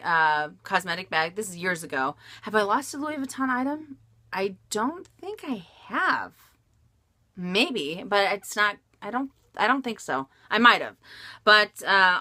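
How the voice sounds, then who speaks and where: A woman's voice: fairly low pitch, pushed and bright. A woman vlogger answering viewer questions about luxury bags in frank, chatty talk with frequent laughs and fillers. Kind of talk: casual Q&A vlog chat.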